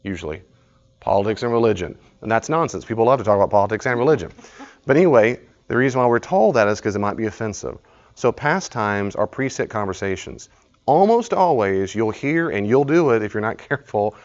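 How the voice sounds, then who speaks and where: A man teaches a live study group in an easy, storytelling style. His voice sits low, and he jumps into acted-out exchanges to make his points. The recording has a muffled, lo-fi sound. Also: lively intonation, brisk. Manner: conversational storytelling, acts out dialogue. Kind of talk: live class lecture.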